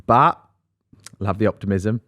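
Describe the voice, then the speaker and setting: A man's voice: on the low side, a little slow, fairly bright tone, no echo, studio quality. A young man co-hosting a podcast in easygoing, casual chat, reading out listener questions and swearing now and then. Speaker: podcast co-host.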